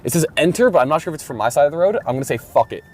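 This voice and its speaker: A man's voice: fairly high pitch, animated, rapid-fire, slight background noise. Rambling man chatting while driving. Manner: rambling, mumbling, swears a lot. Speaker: podcast host. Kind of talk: casual solo chat while driving. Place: in a car.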